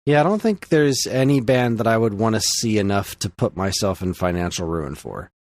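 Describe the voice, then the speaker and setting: A man's voice: fairly low pitch, animated, moderate pace, a little mellow, no room sound. A male podcast co-host in casual chat, dry and laid-back while reading listener questions.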